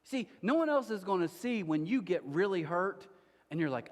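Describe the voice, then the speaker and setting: A man in his forties preaches to a church congregation, with a somewhat high voice that swings up and down with a lot of life. He tells family stories and acts out other people's lines as he speaks. His voice trails off into the long reverb of a large hall. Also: normal speed. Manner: animated storytelling, acts out quotes. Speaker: pastor. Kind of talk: sermon.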